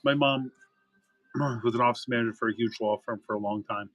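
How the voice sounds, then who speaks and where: A man's voice: medium pitch, steady tone, brisk, fairly bright tone, no echo, lo-fi sound, faint music behind. A middle-aged man hosting a live card-break stream, chatting casually and rambling through stories. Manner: rambling, chatty storyteller with fillers.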